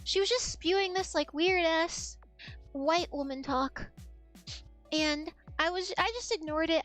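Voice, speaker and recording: High-voiced woman telling a rambling story. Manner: rambling, animated anecdote with swearing and acted-out quotes. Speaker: streamer. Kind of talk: casual storytelling chat.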